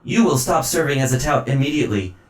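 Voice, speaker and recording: A man voicing a formal mechanical guard in a tabletop game, talking slowly and stiffly. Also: medium pitch, animated, roomy sound, voice pushed up, lightly acted, poor audio.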